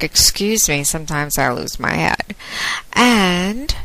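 A woman doing a casual spoken blog in a slow, teasing, drawn-out way. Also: low voice, expressive, fairly bright tone, low-quality recording. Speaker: adult webcam domme blogging.

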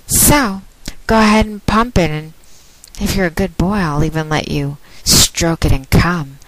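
A woman's voice: fairly low pitch, no echo, poor audio. A woman hosting her own solo podcast, talking in a teasing, mocking way and drawing her words out. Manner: teasing, mocking, drawn-out delivery; quiet, even reading of the opening notice. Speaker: podcast host.

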